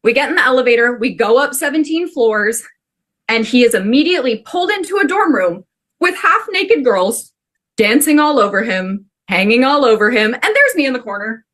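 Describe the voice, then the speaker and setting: A woman from the Pacific Northwest telling a personal story to a class in an animated, chatty way, full of "like". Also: a little high, normal speed. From Pacific Northwest, USA. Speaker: student storyteller.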